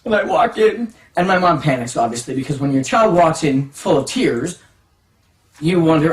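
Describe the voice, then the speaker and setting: A storyteller telling a funny childhood story in a casual, dramatic way, jumping from hushed asides to excited outbursts. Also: mid-range voice, normal speed. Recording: echoey room, distant mic, faint music.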